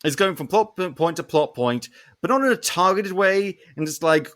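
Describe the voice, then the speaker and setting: Animated ranting man, fairly high voice. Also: normal speed. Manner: animated ranting with frequent swearing. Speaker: podcast host. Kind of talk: casual film review chat.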